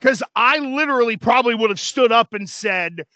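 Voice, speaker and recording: High-voiced man telling a heated story. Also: lively intonation, normal speed, pushed and bright, no echo. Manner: profane, worked-up anecdote with acted-out quotes. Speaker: radio show host. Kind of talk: animated storytelling, casual chat.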